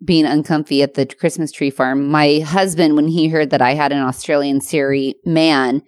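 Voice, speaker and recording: A married woman from the United States co-hosting a podcast, bubbly and giggly, swearing casually in relaxed chat. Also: low-pitched, normal speed, no room sound. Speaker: podcast co-host.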